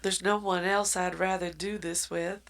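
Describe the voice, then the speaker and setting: A woman voicing a brooding male vampire king while retelling a story in quick, casual asides. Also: on the low side, little pitch movement, fairly bright tone, voice pushed up. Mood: earnest.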